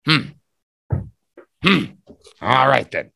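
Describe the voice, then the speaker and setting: A man's voice: mid-range voice, animated, normal speed, a bit bright, no room sound. A man teaching English, running a speaking test over a video call with a playful, teasing manner.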